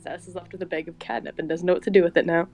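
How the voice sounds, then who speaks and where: A woman's voice: lowish voice, fairly even intonation, racing, creaky, darkish tone, soft background music. A young woman playing a tabletop game over voice chat, playful and giggly. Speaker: player.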